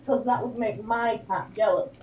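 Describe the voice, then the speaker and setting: A woman's voice: fairly high pitch, fairly even intonation, moderate pace, darkish tone, muffled recording, slight background noise. Giggly woman, far from the mic. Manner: giggly, friendly. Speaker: co-host. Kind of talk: casual livestream chat. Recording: echoey room, far from the mic.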